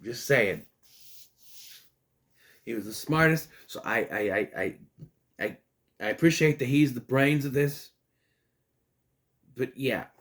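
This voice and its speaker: A man's voice: medium pitch, takes it slowly, pauses often, fairly bright tone. A man giving a casual spoken movie review, ranting in an exasperated way, swearing and rambling with restarts and stammers.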